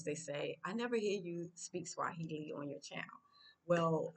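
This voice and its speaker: A woman from the United States talking casually to her vlog viewers, unscripted, with many fillers and restarts. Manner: speaks Swahili phrases louder and higher. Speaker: vlogger.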